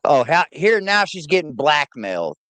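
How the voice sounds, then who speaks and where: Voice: mid-range voice, big pitch swings, moderate pace, fairly bright tone, no room sound. A reaction-stream host, giving casual, profane, mocking commentary over a clip.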